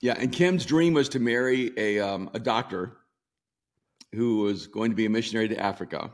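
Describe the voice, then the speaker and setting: A man in his sixties from El Salvador, a pastor telling stories in an interview, laughing often and pausing with ums. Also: fairly low pitch. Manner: warm storyteller, laughs often, many ums and restarts. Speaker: pastor and author. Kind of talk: storytelling in a sit-down interview.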